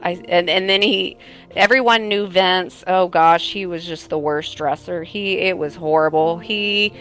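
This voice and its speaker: Woman interviewee, lowish voice, earnest and halting recollection, faint music underneath. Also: a bit bright. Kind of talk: personal recollection.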